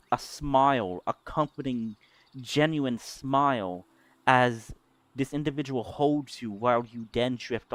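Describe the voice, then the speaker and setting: Slow-talking male game master. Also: mid-range voice. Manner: descriptive, searching for words with fillers. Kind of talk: narrating a tabletop game.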